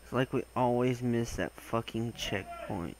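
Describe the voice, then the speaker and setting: Young dude gaming, cursing and yelling at the screen, voice cracking a bit, slow pace, mid pitch. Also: male voice, a little hiss or hum, rough recording. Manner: excitable, swears often, bursts into loud exclamations. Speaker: gaming channel host. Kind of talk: gaming commentary.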